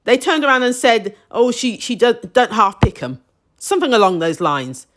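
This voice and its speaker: A woman talks through a TV drama in a casual, opinionated review. Her pitch rises and falls in lively swings, and she drops into emphatic, indignant asides. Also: normal speed.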